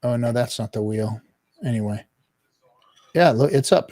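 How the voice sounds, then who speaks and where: A man's voice: medium pitch, mellow, dry recording. Rambling man hosting a live stream. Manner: rambling, halting, many restarts. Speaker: podcast host. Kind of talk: casual live-stream chat.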